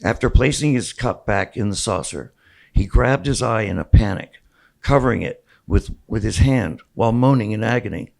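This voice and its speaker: A man's voice: on the low side, moderate pace, creaky, rough recording. A man in his sixties reading from his own memoir aloud at a bookstore event, wry and storytelling. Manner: storytelling, wry, with small restarts. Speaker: author.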